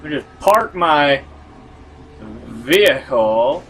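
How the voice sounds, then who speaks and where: A man's voice: medium pitch, normal speed, a little hiss or hum. A man giving casual let's-play commentary, rambling and filling his talk with "like". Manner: rambling, full of "like" fillers. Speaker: gaming video host.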